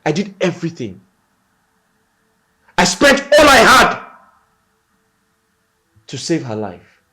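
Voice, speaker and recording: A bitter Nigerian husband. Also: male voice, high voice, wildly swooping pitch, takes it slowly, full character voice, rough recording. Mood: heartbroken. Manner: bitter, accusing, shouting at times. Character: heartbroken, bitter young husband. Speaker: wronged husband. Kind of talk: Nollywood screen acting. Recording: film soundtrack with music.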